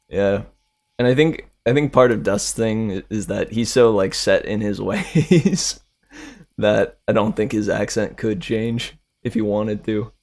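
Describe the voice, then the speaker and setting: A male streamer and voice actor chatting casually with viewers, relaxed and slangy, laughing often. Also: lowish voice, takes it slowly, gravelly, long pauses.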